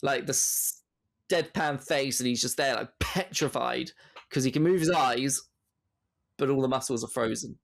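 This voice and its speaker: A man co-hosting a podcast, talking through a film in animated casual chat, full of fillers and laughs. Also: medium pitch, normal speed, vocal fry. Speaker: podcast co-host.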